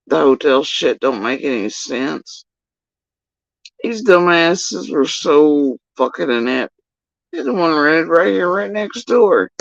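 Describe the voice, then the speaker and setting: A man's voice: medium pitch, vocal fry, fairly bright tone, no room sound. A man telling a long, agitated, profane story on a livestream, repeating himself as he goes. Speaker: livestreamer recounting personal events. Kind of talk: rambling livestream monologue. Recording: dull lo-fi stream audio.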